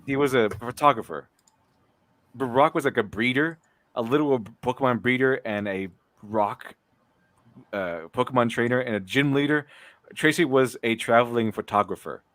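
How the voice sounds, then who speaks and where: A man's voice: mid-range voice, moderate pace, a bit bright, dry recording. A man hosting a casual commentary chat, rambling with restarts and a mocking tone. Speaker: podcast host.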